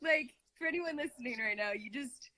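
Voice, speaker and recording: A woman's voice: high-pitched, a little fast, pushed and bright. A woman hosting a casual live chat, talking eagerly with lots of fillers and asking questions. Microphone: phone on a live video stream.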